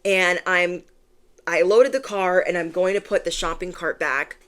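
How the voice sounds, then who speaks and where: Animated woman telling stories to camera. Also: on the low side, a little slow. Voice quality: animated, playful, acts out voices. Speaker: tarot reader. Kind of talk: casual storytelling to camera.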